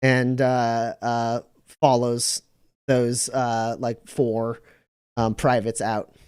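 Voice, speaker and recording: A man's voice: medium pitch, flat delivery, very slow, darkish tone, clean tone, no echo, clean studio sound. A man narrating as game master of a tabletop game, rambling with many fillers and restarts.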